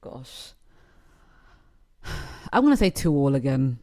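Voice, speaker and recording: A woman's voice: a bass voice, sing-song, slow pace, dark tone. A woman co-hosting a casual podcast, playful and laughing often as she guesses scores. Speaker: podcast co-host, football learner. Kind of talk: casual chat.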